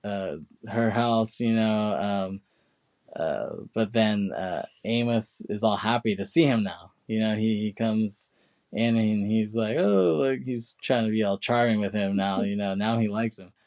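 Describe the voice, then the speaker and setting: A man co-hosting a podcast, casually retelling film scenes with many fillers and quick put-on quotes of the characters. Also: on the low side, fairly even intonation, darkish tone. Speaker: podcast co-host. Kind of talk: casual chat.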